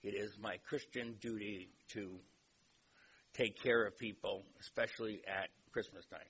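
A man's voice: lowish voice, fairly even intonation, unhurried, fairly bright tone. Man doing a smug, polite bar patron. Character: smug middle-aged man at a hotel bar. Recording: dull recording with faint hiss.

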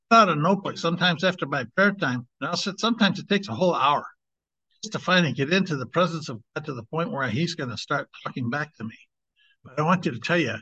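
A man with a fairly high, sharp voice preaches an informal sermon as an evangelist and teacher, speaking conversationally while hitting key words hard and drawing them out slowly. The recording sounds dull and lo-fi, as if made on modest equipment.

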